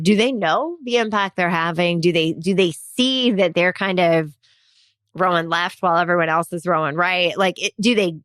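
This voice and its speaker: Lowish woman voice, podcast guest, animated, laughs a lot, dry close mic. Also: dry recording. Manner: animated, laughs easily, acts out quoted voices. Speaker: podcast guest, company CEO. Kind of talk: conversational interview.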